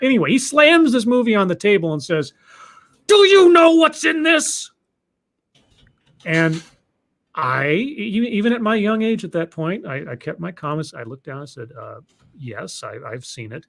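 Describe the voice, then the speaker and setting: A man with a somewhat high voice tells a long story in a loose, casual way. He doubles back on his words, restarting phrases as he goes. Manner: rambling, with many restarts and repeated words. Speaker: podcast host telling a story.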